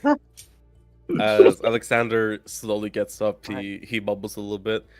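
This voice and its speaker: A tabletop game player talking slowly in and out of character, with groans and sighs. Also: mid-range voice, dry recording, soft background music. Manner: slow, groaning, lively delivery. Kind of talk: in-character tabletop play, casual chat.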